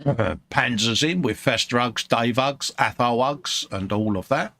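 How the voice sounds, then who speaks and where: A man's voice: medium pitch, a little slow, bright, forceful tone. A man from the UK co-hosting a live stream, reading out chat messages in a chummy way and calling everyone mate. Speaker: co-host of a live model-building stream.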